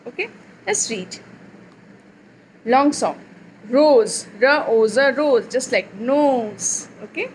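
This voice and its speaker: A woman teaching a young child phonics, reading words slowly and clearly and repeating them. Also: sits high, animated, a little hiss or hum, low-quality recording.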